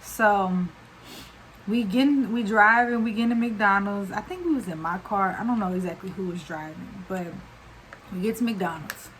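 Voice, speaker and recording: A woman's voice: medium pitch, moderate pace, a bit bright, a little hiss or hum, rough recording. Chatty young woman telling a story. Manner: chatty, slangy, runs on with fillers. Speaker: vlogger. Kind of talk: casual storytime.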